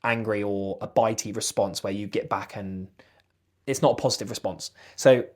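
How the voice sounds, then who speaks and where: A man, a podcast guest chatting casually, jokey and animated, swearing freely. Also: on the low side, normal speed. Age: 20s. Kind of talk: casual chat.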